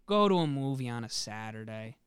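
A man's voice: medium pitch, expressive, fairly quick, clean tone, no echo, studio quality. A young man co-hosting a podcast, chatting casually and joking, swearing freely with lots of fillers. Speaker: podcast co-host. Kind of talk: casual chat.

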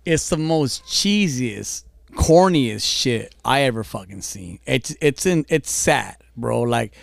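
A man's voice: medium pitch, animated, takes it slowly, vocal fry, no room sound. A man co-hosting a podcast in casual, profane chat, stammering and swearing as he talks. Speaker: podcast co-host.

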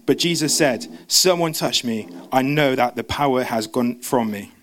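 Man, church preacher, rapid stumbling delivery, casual asides. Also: medium pitch, fairly bright tone, slight background noise. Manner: fast, stumbling, self-interrupting. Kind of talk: sermon.

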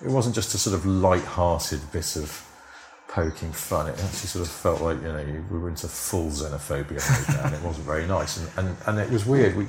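A man's voice: deep voice, fairly quick, roomy sound, noisy background. A man, a former TV script editor, telling stories as a podcast guest in a rambling, anecdotal way full of "sort of" and "you know". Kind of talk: casual interview storytelling.

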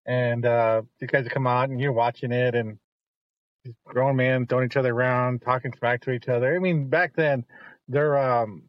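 A middle-aged man, the host's father, telling long rambling stories in casual chat and turning animated when he quotes others. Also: mid-range voice, normal speed, no echo, dull audio.

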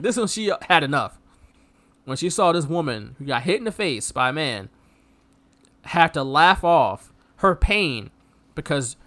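Man, casual movie review chat, lively swooping pitch, bright voice, mocking impressions. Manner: animated, acts out characters mockingly. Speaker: podcast co-host.

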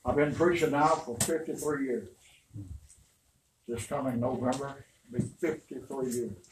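Older man, preacher, rambling sermon story, mid-pitched voice, echoey and distant. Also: fairly even intonation, unhurried. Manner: folksy, rambling, emphatic storytelling. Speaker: pastor. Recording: roomy, distant, faint noise.

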